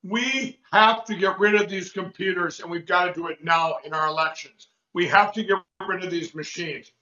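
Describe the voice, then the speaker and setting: A man's voice: high-pitched, steady tone, pushed and bright. A man hosting a show, making urgent, repetitive appeals to act and to donate. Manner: rapid, repetitive, fired-up appeals. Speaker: show host. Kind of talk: urgent call to action. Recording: echoey, dull lo-fi sound.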